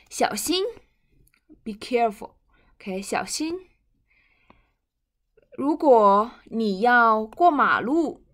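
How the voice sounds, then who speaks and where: A woman's voice: on the high side, a bit bright. A woman whose first language is Mandarin Chinese, teaching a bilingual language lesson and patiently repeating and glossing each word.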